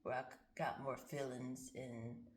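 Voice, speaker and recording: A woman with a low voice talks through a card reading, musing aloud and speaking bluntly with frequent swearing. The room around her is echoey, so her voice rings a little. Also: little pitch movement, unhurried. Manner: musing, candid, swears freely, thinks aloud. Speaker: card reader. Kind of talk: casual spiritual card-reading monologue.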